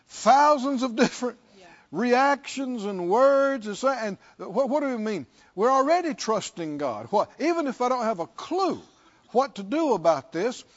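A man preaching with a high voice that swings widely in pitch, from quiet asides to rousing repeated questions. The sound is a bit muffled and lo-fi. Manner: call-and-response, repeating questions with rising fervor. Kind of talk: sermon.

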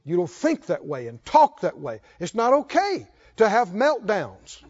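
A male pastor preaching a sermon, slow and emphatic, rising to fervent calls to his congregation. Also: high-pitched, huge pitch swings, a little mellow, highs cut off.

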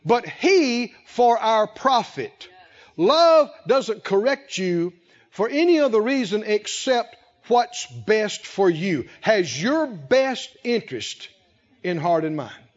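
A male pastor preaching a sermon, speaking slowly and with emphasis, pausing to let the congregation fill in key words. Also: high-pitched, sing-song. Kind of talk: sermon with call-and-response. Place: church sanctuary. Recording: lo-fi with long hall reverb.

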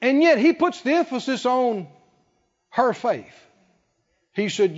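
A man's voice: very high-pitched, sing-song. A man preaching a sermon, emphatic and rhetorical, stretching out key words. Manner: emphatic, rhetorical questions, drawn-out stresses. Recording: dull sound with long hall reverb.

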